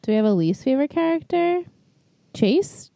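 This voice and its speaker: A woman co-hosting a casual fan podcast, chatty and gushing, quick to laugh. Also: high-pitched, big pitch swings, gravelly, warm tone, no echo, clean studio sound. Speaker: podcast co-host. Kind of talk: casual chat.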